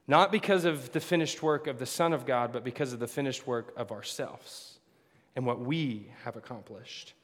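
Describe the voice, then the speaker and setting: A man preaching a sermon to a congregation, swinging between loud emphatic lines and hushed ones. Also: medium pitch, normal speed. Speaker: pastor. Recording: long hall reverb.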